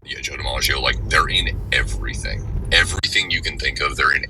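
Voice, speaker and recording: A man's voice: very deep voice, fairly quick, background noise. A man chatting casually with friends on a call, rambling and filling his sentences with "like". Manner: rambling, lots of "like". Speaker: podcast host. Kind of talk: casual chat among friends.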